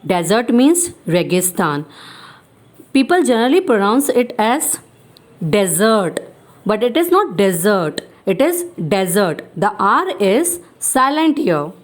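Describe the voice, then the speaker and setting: Lively woman teaching pronunciation. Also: on the high side, a little slow. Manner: drilling words with repeated rhetorical questions. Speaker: English pronunciation tutor. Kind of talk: pronunciation lesson.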